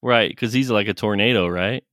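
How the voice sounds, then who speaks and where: A man's voice: on the low side, a bit bright, no echo, clean studio sound. A man hosting a podcast in casual chat, laughing often and asking callers to phone in. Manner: laughs often, unhurried, reads out the call-in number. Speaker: podcast host.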